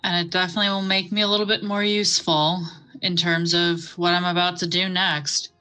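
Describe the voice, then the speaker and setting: A woman playing a tabletop game, speaking slowly and deliberately. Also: on the low side, flat delivery, pushed and bright, clear, resonant tone, rough recording. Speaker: player. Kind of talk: casual play.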